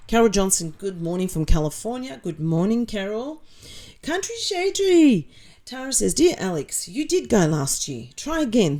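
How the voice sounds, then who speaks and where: An Australian woman hosts a casual livestream, reading viewer comments aloud and answering them bluntly and sarcastically while swearing freely. Her voice is lowish and warm.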